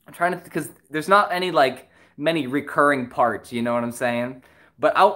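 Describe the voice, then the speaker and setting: Giggly, excitable livestream host. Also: mid-range voice. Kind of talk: casual livestream chat.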